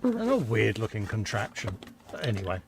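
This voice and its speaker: A man's voice: fairly low pitch, huge pitch swings, normal speed, creaky, a crowd in the background. A middle-aged man co-hosting a live hobby stream, easygoing and agreeable, reading out viewer comments between brief replies. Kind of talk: casual chat while building models.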